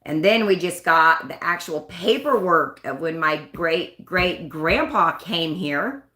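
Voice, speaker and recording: A woman's voice: fairly low pitch, expressive, unhurried, few pauses, pushed and bright, reverberant. A woman hosting a casual live stream, chatting and rambling in a self-conscious way. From United States. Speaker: livestream host.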